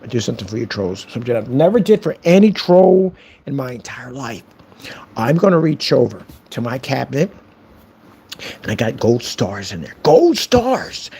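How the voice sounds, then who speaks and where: A man ranting to camera in a sarcastic, mocking way, sometimes dropping to a soft whisper as he teases. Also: mid-range voice, animated, moderate pace, slightly rough. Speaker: online seller of projector screen paint.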